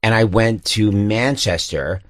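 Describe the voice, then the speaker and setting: A man's voice: fairly low pitch, a little slow, dry recording, clean studio sound. A middle-aged man hosting a radio interview, campy and teasing, who keeps slipping into mock voices. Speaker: radio show host. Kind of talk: playful theatrical interview.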